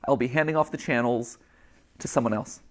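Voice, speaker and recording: A middle-aged man giving an unscripted, heartfelt farewell address to his audience, talking candidly and a little haltingly. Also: medium pitch. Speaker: YouTube channel host.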